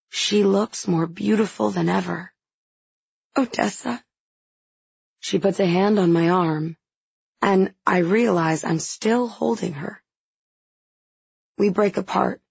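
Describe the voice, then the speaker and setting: A woman narrating a first-person fantasy audiobook in a soft, intimate, unhurried way. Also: medium pitch, gravelly, breathy edge, no room sound, lo-fi sound.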